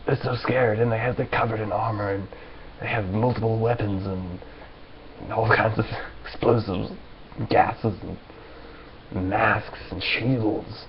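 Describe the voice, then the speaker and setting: A low, gravelly male voice rambles on in an animated monologue to camera, stumbling over restarts. The recording is dull and lo-fi, with a faint hiss underneath. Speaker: vlogger.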